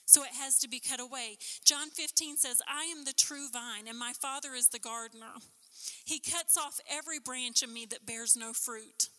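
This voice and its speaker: A woman preaching a sermon with passion, building to emphatic peaks and then dropping low. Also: moderate pace, sharp tone. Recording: long hall reverb.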